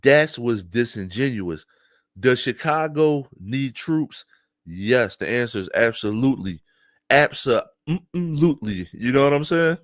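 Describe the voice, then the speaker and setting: Animated man streaming casual commentary. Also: mid-range voice, measured pace, no echo, studio quality. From Philadelphia. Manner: animated, talks straight to viewers, laughs often.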